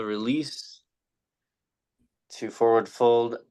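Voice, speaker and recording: A man in yoga teacher training talks a partner through poses. He hesitates, fills gaps with "um" and fixes his own cues midway. His voice is fairly low. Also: a little slow. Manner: hesitant, many fillers, corrects himself mid-cue. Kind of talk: cueing yoga poses, then casual chat.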